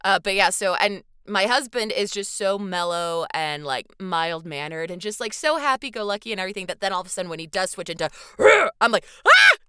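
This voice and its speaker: A woman co-hosting a podcast in casual chat, expressive and quick to laugh, who does big voices when quoting people. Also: mid-range voice, clear, resonant tone, no room sound, clean studio sound. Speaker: podcast co-host.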